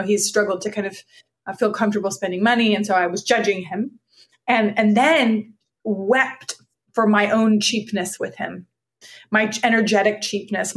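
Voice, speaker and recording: A woman psychotherapist telling personal stories in conversation, earnest and reflective, often restarting her sentences. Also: mid-range voice. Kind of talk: conversational storytelling.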